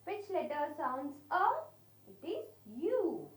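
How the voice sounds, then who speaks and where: Slow, sing-song woman teaching phonics. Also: high voice, sing-song. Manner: sounds out letters, asks children questions. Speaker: kindergarten teacher. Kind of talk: slow phonics lesson for young children. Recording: echoey room.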